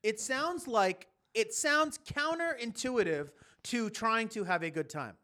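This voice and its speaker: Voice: mid-range voice, lively intonation, unhurried, pushed and bright. A podcast co-host in casual chat, laid-back, reasoning things through aloud and swearing now and then.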